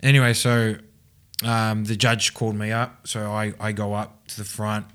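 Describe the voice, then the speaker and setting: Man telling a story, slightly low. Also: flat delivery, moderate pace, a bit bright. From Australia. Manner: rambling, many fillers and restarts, laughs often. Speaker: podcast guest. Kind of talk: casual storytelling interview.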